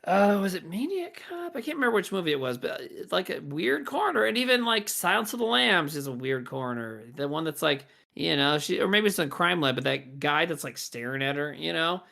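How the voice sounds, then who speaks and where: A man's voice: a little high, very animated, fairly quick, gravelly, hardly any pauses, bright, forceful tone. A man co-hosting a podcast, joking crudely and rambling in casual chat. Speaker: podcast co-host.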